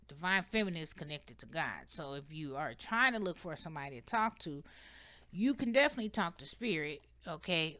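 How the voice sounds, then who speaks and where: Woman tarot reader, low and bright, emphatic and preachy. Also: no room sound. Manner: emphatic, preachy, repeats "okay?" often. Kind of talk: casual spiritual advice monologue.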